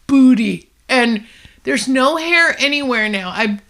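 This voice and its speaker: A woman's voice: high-pitched, expressive, takes it slowly, fairly bright tone. A woman co-hosting a podcast in casual chat, jokey and teasing, laughing often. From United States. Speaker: podcast co-host.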